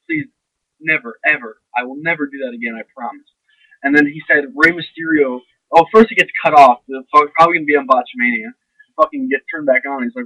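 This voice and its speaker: A man's voice: fairly high pitch, expressive, normal speed, no room sound, muffled recording. A young man ranting to camera in a blunt, sarcastic, profane and rambling way. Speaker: vlogger. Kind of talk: casual ranting monologue.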